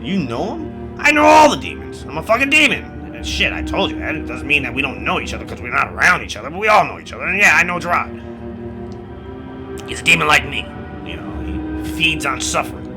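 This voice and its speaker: A man voicing a crude male demon trapped in a jar who talks loudly and swears a lot. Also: fairly high pitch, animated, brisk, music in the background, natural voice. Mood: urgent. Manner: loud, swearing, urgent warnings.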